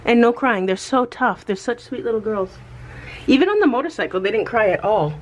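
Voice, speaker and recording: A young American woman vlogging casually about rescue puppies, chatty, sometimes breaking into high baby talk for the dogs. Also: animated, brisk, noisy background. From United States. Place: animal shelter, outdoors.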